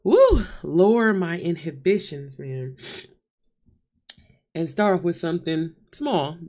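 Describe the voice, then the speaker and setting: A woman's voice: on the low side, sing-song, slow pace, darkish tone. Chatty woman talking openly to her viewers. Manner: chatty, open, addresses viewers as y'all and honey. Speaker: vlogger. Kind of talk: candid live-stream chat to viewers. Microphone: camera mic.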